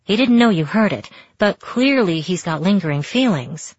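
A woman's voice: fairly low pitch, animated, normal speed, darkish tone, husky, no room sound, highs cut off. A woman voicing a frank, nosy adult woman friend who presses with blunt questions, in an audiobook. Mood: pressing. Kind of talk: audiobook character voice.

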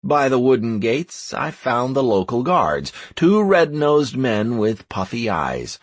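Male audiobook narrator, wry first-person storytelling, husky low voice, dry close sound. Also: big pitch swings, slow pace, few pauses, dry recording.

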